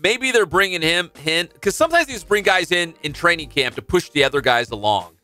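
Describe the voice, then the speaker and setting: A man hosting a sports radio show, chatting in an animated, jokey way from the studio. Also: fairly high pitch, brisk, soft background music. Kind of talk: casual sports radio chat.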